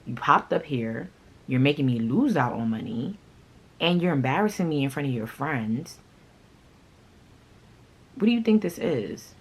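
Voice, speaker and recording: A woman with a low, husky voice tells a personal story straight to her viewers. She talks in a blunt, animated way and swears freely. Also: unhurried, pauses often, rough recording. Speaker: vlogger. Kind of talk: casual storytime.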